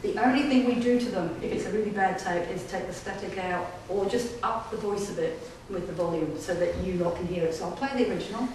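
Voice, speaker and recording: A woman's voice: mid-range voice, fast talker, hardly any pauses. Woman, paranormal investigator, chatty storyteller who keeps checking in with the crowd; recorded from a distance in a very echoey room. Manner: chatty, checks in with listeners, laughs often. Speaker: paranormal investigator giving a public talk. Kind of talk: casual storytelling talk to an audience. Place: display day inside an old gaol. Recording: echoey room heard from afar, faint hiss.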